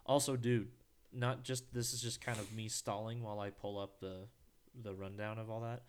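Podcast co-host guy, smooth clear voice, rambles and cuts himself off a lot, swears casually. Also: on the low side, level tone, normal speed. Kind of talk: casual chat.

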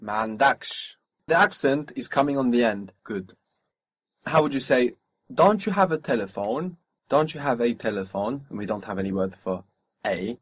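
A man's voice: mid-range voice, animated, moderate pace, husky. A man teaching a spoken language lesson, patiently asking for phrases, repeating each answer back and explaining pronunciation.

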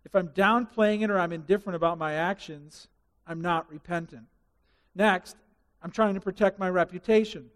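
A male pastor preaching a sermon in an animated way, acting out quotes and everyday scenarios. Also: sits high, moderate pace, in a large hall.

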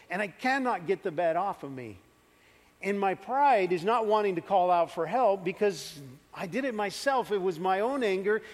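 A man with a high voice preaches and tells a story from his own life, acting out the scenes as he goes. His voice rings through a large church hall with a long echo. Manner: animated storytelling, acts out his younger self. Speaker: pastor. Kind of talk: sermon with personal story.

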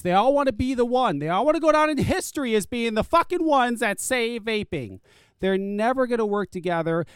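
An angry male podcast host rants with heavy swearing and rising heat. His voice is smooth and clear, recorded close and dry. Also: high voice, no room sound. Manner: profane, heated and shouting. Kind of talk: angry rant.

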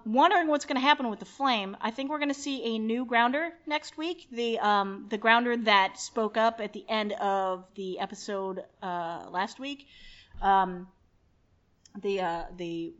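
A woman's voice: mid-range voice, measured pace. A woman hosting a podcast, chatting casually in a brash, joking, profane way. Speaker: podcast host. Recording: dull lo-fi podcast audio.

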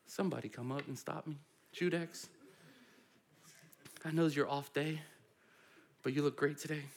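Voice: medium pitch, steady tone, moderate pace, slight background noise. A pastor and parent preaching a sermon in a conversational, playful way. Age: adult parent.

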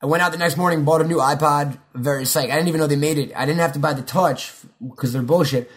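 A man's voice: a little high, steady tone, fast talker. A young man in casual chat, rambling and swearing freely as he jumps between stories and quotes. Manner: rambling, swears often, quotes movie lines.

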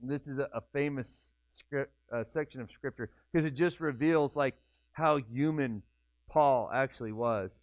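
Medium in pitch and measured in pace, a man delivers a conversational sermon, voicing what his listeners might be thinking inside. He is a pastor, and the recording sounds dry and tinny, like a phone.

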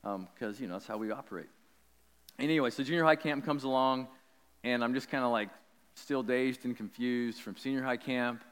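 A man preaching a sermon, telling a personal story in an animated, chatty way with lots of likes and ums. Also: mid-range voice, normal speed, clear, resonant tone, in a large hall. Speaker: pastor.

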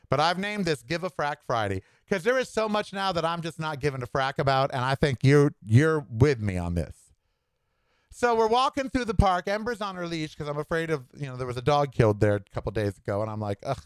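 A man's voice: fairly high pitch, clear, resonant tone, no echo. A man hosting his own show, telling a story in a blunt, exasperated solo rant on a dry close mic. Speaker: podcast host. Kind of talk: ranting solo monologue.

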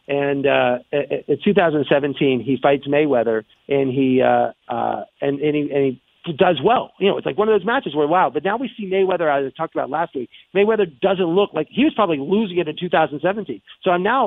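An excitable man rattles off sports opinions in a high, fast voice. He stumbles and restarts often. The sound is thin and phone-like, with no room echo. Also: gravelly. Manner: rambling, excited, with many restarts and mock voices. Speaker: sports commentator. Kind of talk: casual sports talk on radio. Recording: tinny phone-line sound, dry.

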